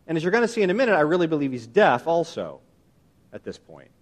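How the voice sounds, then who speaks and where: A man preaching a sermon, emphatic and animated, often asking his listeners rhetorical questions. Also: a little high, fast talker. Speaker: pastor.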